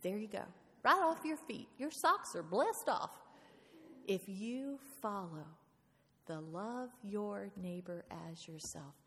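A woman preaching a lively sermon in a church, playful and animated, often asking the congregation questions. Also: mid-range voice, slow pace, slight background noise. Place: church hall. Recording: reverberant hall.

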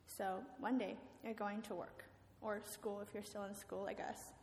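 A woman's voice: medium pitch, flat delivery, moderate pace, a little mellow, a little hiss or hum. A woman telling a story as a sermon in a church, talking casually with filler words. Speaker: guest speaker. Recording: echoey hall with faint ambience.

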